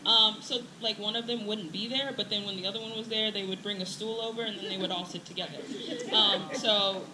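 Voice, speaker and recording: A woman teacher giving a warm, teasing graduation speech, laughing often and close to tears. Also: medium pitch, fairly even intonation, fairly quick. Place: outdoor ceremony with crowd. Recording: echoey outdoor sound with crowd and noise.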